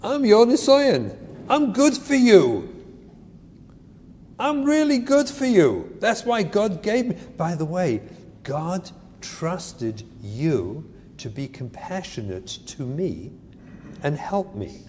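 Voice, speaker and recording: A man's voice: high voice, sing-song, slow pace, a little mellow, long reverb tail, heavily acted. A man voicing a pleading kid owning his faults. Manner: pleading, self-deprecating.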